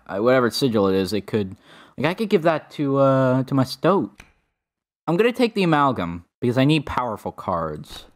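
Excitable, swearing man playing a game. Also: medium pitch, moderate pace. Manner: excitable, swears, thinks aloud. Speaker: let's-play gamer. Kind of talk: casual gameplay commentary. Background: game music.

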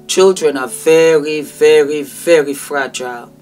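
Over soft background music, a woman in her fifties who vlogs about celebrity news speaks straight to her subject with emotional, preachy passion. Her voice runs on the low side, a bit bright, and unhurried.

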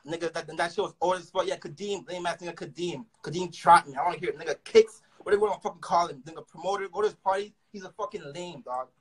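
A young man with a Toronto accent, ranting through a story fast and profanely, with frequent stammered restarts. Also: high voice, fairly bright tone, breathy edge, poor audio. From Canada. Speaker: rapper. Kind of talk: casual storytelling rant.

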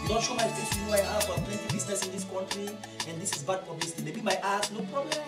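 A woman's voice: medium pitch, quick pace, natural voice. Woman playing a flashy club owner, choppy broken english, keeps saying eh, roomy far-off sound with music. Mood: insistent. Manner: broken English, repeats 'eh?' and 'you understand'. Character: boastful, showy club owner who makes shady deals. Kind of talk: film drama acting. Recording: echoey room, far mic, loud music.

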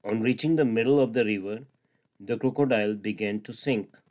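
A man narrating a children's fable in a steady, simple read-aloud manner. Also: on the low side, fairly quick. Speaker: storyteller. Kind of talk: storybook narration.

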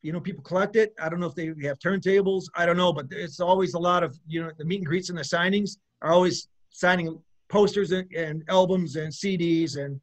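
A man's voice: high-pitched, fairly even intonation, fairly quick. A middle-aged man, a guest musician, talking loosely in an interview with lots of restarts. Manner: rambling, with many restarts and laughs. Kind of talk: casual interview chat.

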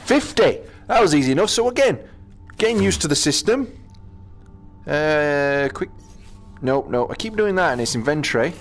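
British man, gaming commentary, animated pitch, chatty and exclaiming, faint music behind. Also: normal speed, long pauses. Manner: chatty, talks to himself while playing, exclamations. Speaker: gaming channel host. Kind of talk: casual VR gameplay commentary.

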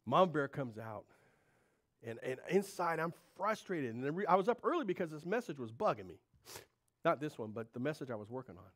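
A male pastor giving a conversational sermon to a congregation, swinging between loud, animated stretches and quiet, confiding ones. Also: on the high side, a little fast.

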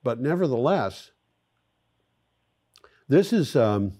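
A man's voice: medium pitch, very animated, takes it slowly, dark tone. A man hosting a show, explaining things step by step in a chatty, casual way. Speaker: show host.

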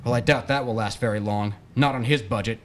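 A man's voice: medium pitch, a little fast, lightly acted. A man reading as a dry sarcastic mom. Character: dry sarcastic mother, sharp-tongued.

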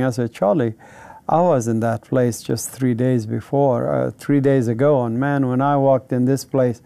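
Gravelly man. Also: medium pitch, mellow, dry recording. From Palestine. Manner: earnest, vivid storyteller who acts out quoted dialogue. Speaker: interviewee giving a testimony. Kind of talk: personal testimony in conversation.

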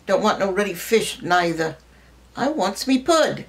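Sometimes raised and high, a defiant little four-year-old boy , as a woman puts him on, grumbles in a broad Gloucestershire accent. He drags his complaints out slowly and stubbornly, a sulky child in a storybook reading. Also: very animated.

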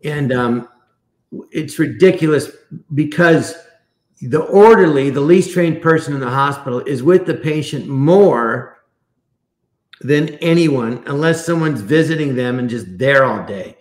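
A man's voice: medium pitch, measured pace. Rambling man in an echoey room. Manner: rambling, restarts sentences often. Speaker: guest. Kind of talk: casual storytelling.

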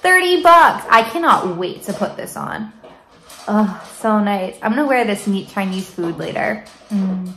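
Young woman, casual haul vlog, chatty, enthusiastic, soft faint background noise. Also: medium pitch, a little slow. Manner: chatty and enthusiastic, often drops to a whisper. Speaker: vlogger.

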